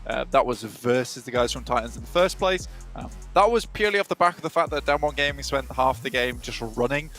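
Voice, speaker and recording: A man calling a live esports match, easygoing and chatty. His pitch sits mid-range, with faint music under the commentary. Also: animated, brisk, fairly bright tone. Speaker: esports caster.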